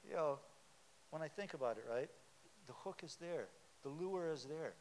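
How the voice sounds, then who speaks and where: High-voiced pastor preaching in a reverberant hall. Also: male voice, lively intonation, moderate pace, darkish tone. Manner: conversational preaching, quizzing the congregation. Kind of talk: sermon. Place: church sanctuary. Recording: long hall reverb with faint hiss.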